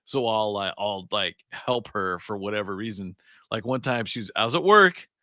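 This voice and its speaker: Brief: podcast co-host, man, bright tense tone, animated storytelling, dry close mic. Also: on the low side, moderate pace, no echo. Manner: animated storyteller, acts out quotes. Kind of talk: casual podcast chat.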